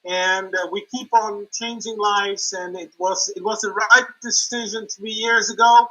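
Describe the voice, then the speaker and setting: A man joins a video call from a hotel room and speaks in a relaxed, joking way, pausing often on fillers. His voice is bright and pointed, with a husky edge. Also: high-pitched, poor audio. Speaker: guest speaker. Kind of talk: casual chat.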